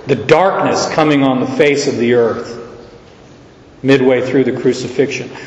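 A man's voice: on the high side, reverberant, long reverb tail, a little hiss or hum, poor audio. A man preaching a sermon, earnestly reading and explaining verses aloud. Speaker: pastor.

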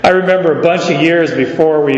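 Folksy pastor preaching. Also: male voice, a little high, fairly quick. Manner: folksy, anecdotal, animated. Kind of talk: sermon. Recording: echoey hall, dull sound.

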